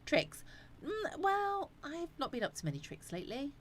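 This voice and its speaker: A woman's voice: high-pitched, wildly swooping pitch, normal speed, slight background noise. A woman hosting a casual live chat, rambling and answering viewers' comments. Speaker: live stream host.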